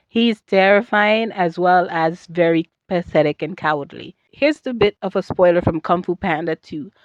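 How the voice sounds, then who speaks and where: A sassy woman rants to her camera in a lively, chatty way and wanders off on tangents. The sound is dull and lo-fi, with a dry, close feel and no room echo. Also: fairly low pitch. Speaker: video creator and artist. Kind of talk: casual rant to camera.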